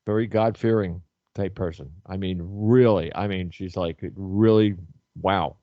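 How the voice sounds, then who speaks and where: A man's voice: low voice, fairly even intonation, a little slow, no room sound, highs cut off. A man in his sixties hosting a talk show, chatting casually in a rambling way, repeating words and trailing off. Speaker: host.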